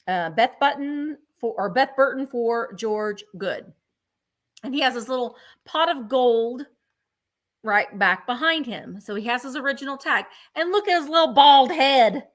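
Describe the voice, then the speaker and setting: A woman's voice: fairly high pitch, fairly bright tone. A woman hosting a live vintage sale who chats enthusiastically and gushes over each item as she presents it. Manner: gushing, chatty, enthusiastic about items. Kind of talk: live selling stream.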